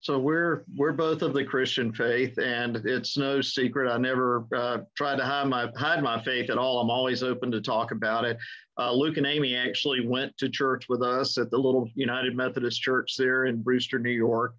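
A man's voice: medium pitch, fairly even intonation, normal speed, a bit bright. A middle-aged man hosting an interview, telling stories in an easygoing way and chuckling as he recalls old pranks. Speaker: podcast host. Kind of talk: conversational interview. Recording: dull lo-fi audio.

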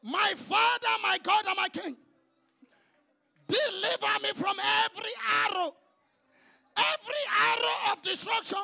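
A man leading a congregation in fervent, shouted prayer. He chants repeated calls to the Lord and drops to quieter exhortation between prayers. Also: very high voice, unhurried, creaky, long pauses. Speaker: prayer leader.

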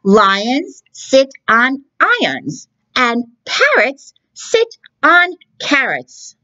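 A bossy know-it-all storybook cat lays down the rules in a slow, drawn-out voice, as a woman puts him on. The voice rises and falls in a lively way. The sound is a bit dull and muffled. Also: high-pitched, pitched above the performer's own voice, exaggerated voice. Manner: slow, drawn-out and matter-of-fact.

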